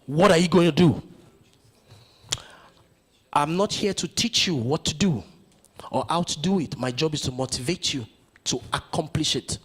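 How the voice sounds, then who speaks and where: A man's voice: a little high, normal speed, pauses often, slightly rough. A man giving a motivational conference speech, stirring the audience with rhetorical questions. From Nigeria. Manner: rousing, full of rhetorical questions. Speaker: conference speaker.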